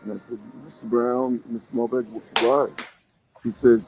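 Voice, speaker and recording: An older man chats casually on a podcast, spinning folksy stories from his working life. He laughs easily and talks in a relaxed, plain way. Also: medium pitch, normal speed, slight background noise, poor audio. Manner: storytelling, folksy, laughs often. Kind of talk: casual chat.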